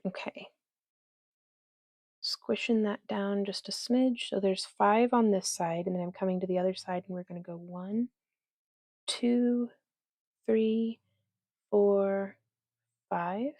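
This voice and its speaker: A woman's voice: medium pitch, slow, long pauses, a little mellow, dry recording. A woman hosting a casual crafting livestream, chatting as she works and reading viewer comments aloud. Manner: chatty, reads viewer comments aloud, talks to her dog.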